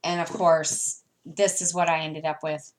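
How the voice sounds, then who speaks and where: A middle-aged American woman, a cross-stitch vlogger with a light Southern accent, chats casually with her viewers while sorting floss. She rambles on loosely, sentences trailing into fillers, in a slightly low voice with a level tone and unhurried delivery. There's a little background noise.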